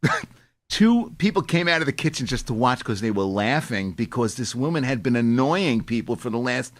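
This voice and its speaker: A middle-aged man, hosting a casual chat show and telling stories with lively mimicking. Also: normal speed. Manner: animated storyteller, jumps into high mimicking voices. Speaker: host.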